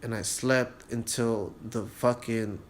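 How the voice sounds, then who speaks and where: A man's voice: mid-range voice, slow pace, a little hiss or hum. A young man hosting a solo podcast, casually telling a long profane story and acting out the people in it. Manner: profane, animated storyteller who acts out dialogue in a raised voice. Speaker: podcast host.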